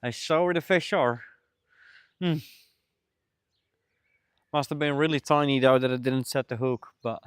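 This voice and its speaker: A man's voice: medium pitch, measured pace, long pauses, clear, resonant tone, no room sound, studio quality. A man live-streaming, muttering to himself as he fishes and chatting casually with his viewers. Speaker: livestreamer.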